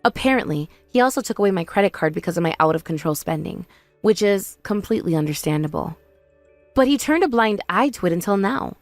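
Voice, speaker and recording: A woman's voice: medium pitch, animated, brisk, no room sound, faint music behind, natural voice. Woman voicing a pleading remorseful young wife. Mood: defensive. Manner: pleading, apologetic. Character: desperate remorseful young wife begging forgiveness. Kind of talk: scripted drama voice acting.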